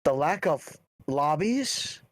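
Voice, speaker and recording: An animated man rants on a casual gaming podcast, building each point up for effect. His pitch swings a lot as he talks. The recording is close and dry. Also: slow pace, dry recording. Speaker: podcast co-host.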